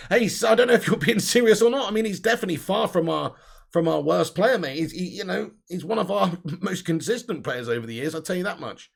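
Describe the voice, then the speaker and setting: Gravelly, excitable man. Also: high-pitched, fairly quick. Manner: chatty, laughing, excitable. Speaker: host of a fan channel livestream. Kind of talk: live chat reading viewer comments.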